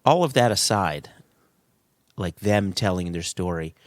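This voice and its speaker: Middle-aged guy cohosting a podcast, lowish voice, dry close sound, tells stories and laughs at himself a lot. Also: a little slow, no echo. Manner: animated storyteller, laughs at himself. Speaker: podcast co-host. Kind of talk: casual podcast chat.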